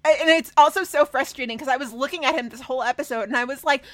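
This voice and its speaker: A woman with a high voice co-hosts a casual podcast chat. She talks animatedly, swears freely and slips into mocking impressions. Her voice sounds dry and close, with no room behind it. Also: racing, hardly any pauses, a bit bright, no echo. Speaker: podcast co-host. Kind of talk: casual chat recapping a TV episode.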